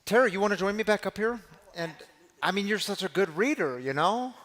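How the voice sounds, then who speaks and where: A man's voice: high-pitched, animated, brisk, a bit bright. A man leading a faith-based recovery meeting, speaking in a casual, encouraging, conversational way. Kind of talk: casual spoken ministry talk.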